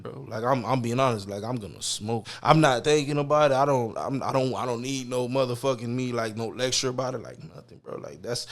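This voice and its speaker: A man's voice: medium pitch, creaky. A man in his thirties from Texas, a podcast guest telling his stories in blunt, profane street talk full of fillers. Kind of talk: candid storytelling interview.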